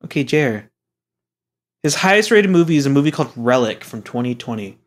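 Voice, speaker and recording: A young man chatting loosely as a podcast co-host. He gets excited fast and gushes over things, dropping swear words as he goes. His voice sits at an ordinary middle pitch. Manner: excitable, swears freely, mock-gushing. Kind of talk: casual chat.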